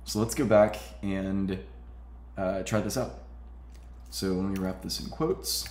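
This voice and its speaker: Low-voiced man explaining a tech tutorial. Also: slow pace, roomy sound, a little hiss or hum. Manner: relaxed explaining with frequent "uh" and "all right". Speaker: tutorial host. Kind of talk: casual screen-recorded tech tutorial.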